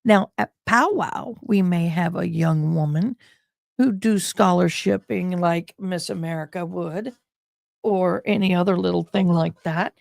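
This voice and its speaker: A woman's voice: on the low side, unhurried, gravelly, darkish tone, no echo, clean studio sound. A woman hosting a live stream in a rambling, chatty way. She is short of breath and breaks off to sigh and cough. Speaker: livestream host. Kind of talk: casual live-stream chat.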